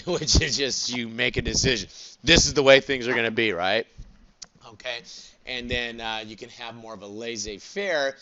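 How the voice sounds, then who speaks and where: A man's voice: fairly low pitch, sharp tone. A man teaching a college class in a chatty, digressive way, tossing rhetorical "what?" and "right?" prompts at his students and adding joking asides. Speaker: college instructor. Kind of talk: classroom lecture. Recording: dull lo-fi classroom recording.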